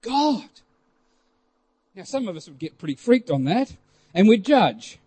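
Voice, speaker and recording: High-voiced man telling a testimony. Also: moderate pace, breathy edge. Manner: animated, rising to loud exclamations, many fillers. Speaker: preacher. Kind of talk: storytelling testimony.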